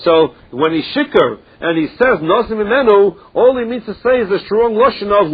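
A man's voice: high-pitched, animated, fairly quick, hardly any pauses, breathy edge. A man teaching a Talmud lesson, reading the text in a study chant and explaining it in English. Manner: mixes Aramaic and Hebrew terms into English, explaining in a chanting study rhythm. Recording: dull lo-fi recording.

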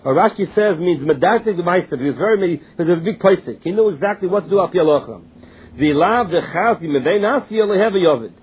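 A man's voice: high voice, animated, a little fast, slightly rough. A man teaching a Talmud class, reading lines and explaining them in English with frequent restarts. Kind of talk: Talmud class, translating text. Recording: tinny phone-line audio.

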